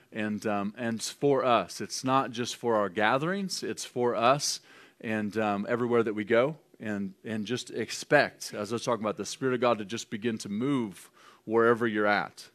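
A man pastor preaching in a loose, conversational way to his church family, with halting restarts and light laughs. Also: medium pitch. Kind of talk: informal charismatic preaching and prophecy. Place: church gathering.

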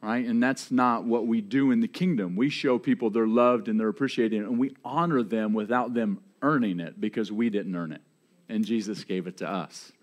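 A man's voice: lowish voice, moderate pace. A man preaching in a loose, conversational way, telling a personal story with frequent restarts and light laughter. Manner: conversational, repeats words and restarts often, laughs along. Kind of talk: sermon storytelling.

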